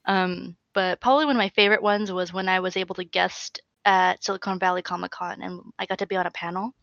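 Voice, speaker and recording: A woman's voice: fairly low pitch, fast talker, vocal fry, no room sound. A woman guest chatting casually in an interview, telling stories with lots of filler words. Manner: chatty, filler-heavy, animated storytelling. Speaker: guest cosplayer. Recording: dull lo-fi audio.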